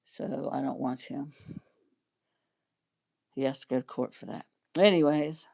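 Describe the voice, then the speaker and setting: A woman's voice: a bass voice, steady tone, measured pace, creaky, darkish tone. A middle-aged woman chatting casually on her livestream, rambling and laughing often. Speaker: livestream host chatting with viewers.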